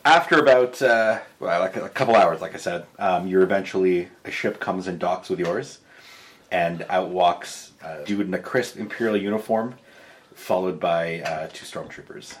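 A man's voice: deep voice, moderate pace, a little hiss or hum. A man running a tabletop game as game master, narrating casually with fillers.

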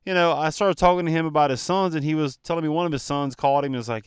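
A man's voice: a little high, quick pace, few pauses, clean tone, dry recording, studio quality. A man hosting his own podcast, telling a personal story in an earnest, emphatic monologue and speaking straight to his listeners. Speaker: podcast host.

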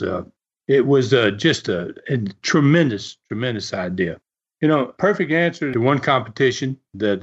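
An older man hosting his own podcast, telling a long story in a rambling way with lots of fillers and restarts. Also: medium pitch. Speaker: podcast host. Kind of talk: casual storytelling monologue. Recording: dull lo-fi recording.

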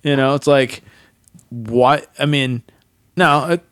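A man interviewing a guest in casual conversation, asking relaxed, halting questions. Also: medium pitch, clear, resonant tone, no echo, studio quality. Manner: relaxed, hesitant questions with restarts.

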